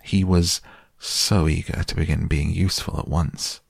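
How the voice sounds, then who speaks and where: A man narrating a children's storybook in a measured, gentle way. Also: low-pitched, fairly even intonation, gravelly, husky, no echo, studio quality. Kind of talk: storybook reading aloud.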